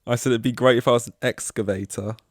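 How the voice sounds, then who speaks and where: A man's voice: mid-range voice, steady tone, fast, no room sound, studio quality. A man hosting a solo podcast, rambling and self-deprecating, swearing as he acts out awkward conversations. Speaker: podcast host.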